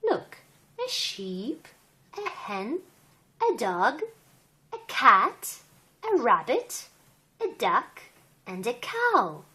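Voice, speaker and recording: Very slow, lively woman reading a storybook. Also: on the high side. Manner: gentle, sing-song, child-directed. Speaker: storybook reader. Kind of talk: reading a picture book to a child.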